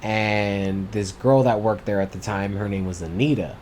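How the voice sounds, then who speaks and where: A man's voice: fairly low pitch, steady tone, normal speed, darkish tone, a little hiss or hum. A man co-hosting a podcast, telling stories in loose, casual chat with heavy swearing. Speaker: podcast co-host.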